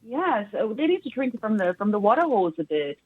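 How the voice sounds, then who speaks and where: A woman joins an interview as a guest over a remote call, so her voice comes through thin and phone-like. She speaks at a middle pitch and talks reflectively, thinking aloud with small pauses as she works through her points. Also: very animated, slightly rough. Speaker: guest, doctoral researcher. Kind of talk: casual interview conversation.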